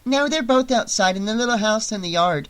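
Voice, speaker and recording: A small child lost in a television trance, played by a male narrator. She answers flat and absent-minded, pitched high and light in this storybook reading. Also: a little fast, clear, resonant tone. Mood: distracted. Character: small girl, distracted by television.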